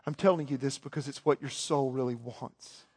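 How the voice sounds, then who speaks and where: A man preaching a sermon as pastor, moving from quiet storytelling to yelling with passion. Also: mid-range voice, fairly even intonation, normal speed, slightly rough. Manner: swings from soft to yelling. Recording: long hall reverb.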